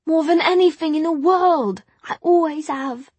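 A woman's voice: high voice, a little slow, a little mellow, no echo, voice pushed up. A woman narrator voicing a young Victorian housemaid who speaks plainly and cries, her voice cracking. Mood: wistful. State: crying.

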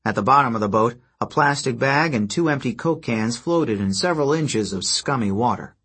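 A man narrating an audiobook in a steady storytelling manner with a husky voice. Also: mid-range voice, moderate pace. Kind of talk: scripted narration.

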